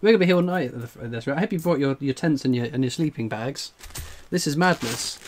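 With a medium-pitched voice and a fast delivery, an English coin collector hosts a live stream. His commentary is excited and breathless, broken up by exclamations and laughter.

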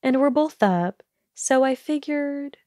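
A woman's voice: high-pitched, expressive, slow, mellow, no echo, pitched above the performer's own voice. An earnest young witch speaks in a raised, hesitant voice, as a woman reads her in an audiobook. She sounds tense and unsure. The sound is dry and close, with no room around it.

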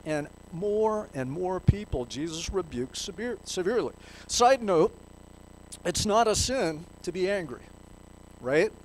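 A man's voice: high voice, expressive, measured pace, a little hiss or hum, rough recording. A man preaching a sermon in a church, reading scripture aloud and putting questions to the congregation. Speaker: pastor.

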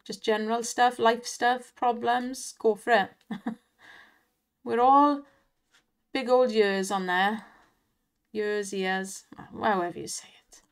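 Chatty Welsh woman, fairly high voice. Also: fairly even intonation, takes it slowly, pauses often, clear, resonant tone. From Wales. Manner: chatty, laughs often, cheers on spins. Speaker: online slots streamer. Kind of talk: casual chat and commentary over gameplay.

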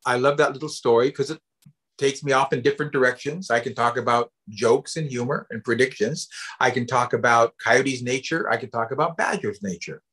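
A man from the US Pacific Northwest, a storyteller and educator, giving a playful storytelling lecture with pauses and fillers. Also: mid-range voice, a bit bright.

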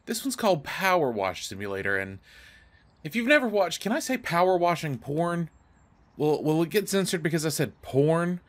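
Excitable man commentating a game. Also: fairly high pitch, moderate pace. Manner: excitable, joking, self-talking. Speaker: gaming channel host. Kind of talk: let's play commentary.

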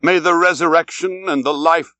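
A man voicing a hollow-cheeked ship captain who is grieving, mournful and strained, pitched higher than his own voice. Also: steady tone, normal speed, sharp tone, no echo.

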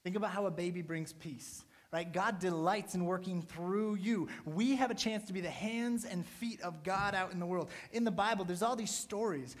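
High-voiced casual man preaching. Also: normal speed, few pauses. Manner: casual, chatty preaching with many "right?" tags. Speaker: pastor. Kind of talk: sermon.

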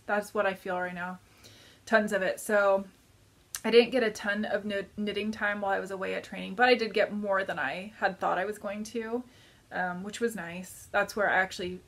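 A woman's voice: mid-range voice, a bit bright. A woman in her thirties chatting casually to camera as a knitting vlogger, rambling and hesitant, with many fillers.

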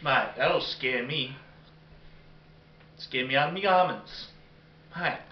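A man's voice: mid-range voice, slow. A young man hams it up as a mock interviewer in a comedy skit, leaning on "mate" at every turn. He sounds a step away from the mic, with room echo around him. The sound is a little dull, with faint hiss underneath. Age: young adult. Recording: roomy, distant, dull, with background hiss.

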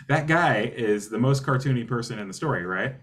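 A man co-hosting a comics podcast in casual chat, laughing often and pausing to restart his thoughts. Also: medium pitch, lively intonation.

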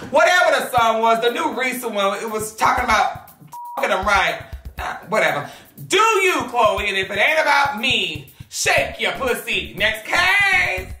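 A woman's voice: on the high side, sing-song, moderate pace. A woman hosting a gossip vlog, talking casually and bluntly, sassy and profane. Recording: echoey room, off-mic, music underneath.

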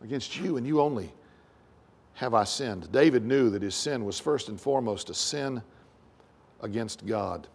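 A male pastor preaching a sermon, rising to emphatic raised phrases and dropping low and soft, often repeating words as he goes. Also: expressive, moderate pace, creaky, slightly rough.

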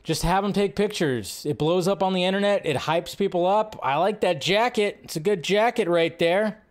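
A man's voice: high voice, moderate pace. Chatty man hosting a livestream. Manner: rambling, chatty, quotes lines in raised voice. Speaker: livestream host. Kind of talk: casual livestream commentary.

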